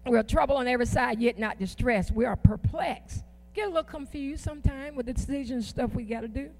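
High-voiced woman preaching a fervent sermon. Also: darkish tone. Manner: call-and-response preaching, drawn-out emphatic phrases; folksy, uses "ain't" and "y'all". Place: church.

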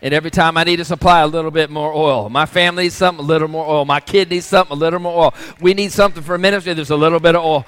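Guy preaching a sermon, kinda high voice, keeps asking the crowd questions, echo hangs in the big church. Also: steady tone, quick pace, fairly bright tone, clean tone. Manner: preaching with rhetorical questions to the congregation. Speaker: pastor.

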